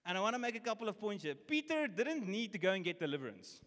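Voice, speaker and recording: A man preaching a sermon, casual and energetic, leading the congregation in call-and-response. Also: high voice, fast talker. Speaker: pastor. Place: church hall. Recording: long reverb of a church hall.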